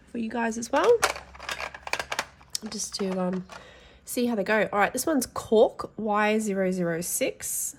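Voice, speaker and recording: A woman's voice: mid-range voice, creaky, a little hiss or hum. A woman with a stuffy, nasal voice from hay fever, chatting frankly as she swatches pencils for her colouring vlog. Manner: chatty, frank, thinking aloud. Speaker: adult colouring YouTuber. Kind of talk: casual swatch-testing vlog.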